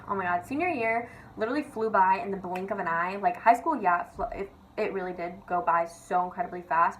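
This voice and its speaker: A woman's voice: fairly low pitch, poor audio. Young woman vlogger ranting bout her life, chatty n sweary, says like a lot, faint hiss behind. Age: young adult. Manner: chatty, swears, lots of "like" and "literally". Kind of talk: casual confessional rant.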